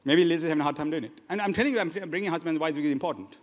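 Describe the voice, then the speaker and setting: A man preaching a sermon as pastor, animated, moving from loud exhortation to quiet asides. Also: on the high side, very fast. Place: church hall. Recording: long church reverb.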